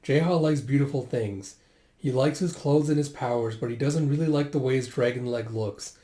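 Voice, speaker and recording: A man's voice: medium pitch, normal speed, warm tone, echoey room. A man casually reading a comic aloud and retelling its scenes, with lots of filler words. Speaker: comic readthrough host.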